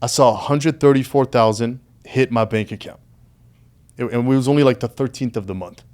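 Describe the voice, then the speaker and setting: A man's voice: medium pitch, fairly quick, darkish tone. A man who is a guest on a casual podcast, telling his story animatedly with heavy profanity and calling the host "brother".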